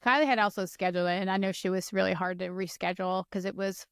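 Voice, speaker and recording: A woman's voice: medium pitch, steady tone, fast talker, clean tone, no echo, studio quality. A middle-aged woman hosting a podcast, asking guiding questions in a casual chat. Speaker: podcast host.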